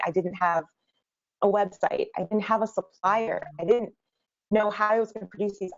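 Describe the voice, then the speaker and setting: A woman in her thirties, a guest entrepreneur telling her story in an interview, animated and quick. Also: medium pitch. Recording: dull lo-fi sound.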